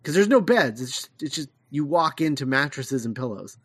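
A podcast co-host in casual chat, excitable and laughing, who talks in fits and starts. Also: mid-range voice, normal speed, breathy edge, no echo.

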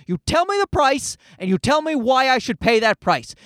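A man's voice: very high-pitched, sing-song, moderate pace, fairly bright tone, no room sound, clean studio sound. A man from Canada hosting a podcast, ranting in a casual, profane, worked-up way. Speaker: podcast host. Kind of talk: casual solo rant.

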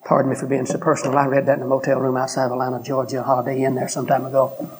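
A man, preaching a sermon with an earnest, pleading delivery and a hoarse throat. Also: medium pitch, completely flat delivery, darkish tone. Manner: earnest, pleading, drawn-out pauses.

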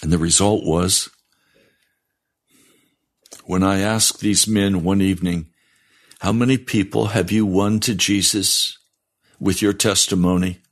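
A male pastor preaching a broadcast sermon, fiery and reading scripture aloud, rising in pitch on pointed questions. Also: steady tone, measured pace, long pauses. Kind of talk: radio sermon.

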